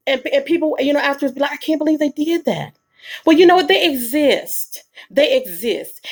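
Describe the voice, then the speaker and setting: A woman giving a live commentary monologue, emphatic and preachy, with bursts of rapid speech. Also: medium pitch. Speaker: online commentator.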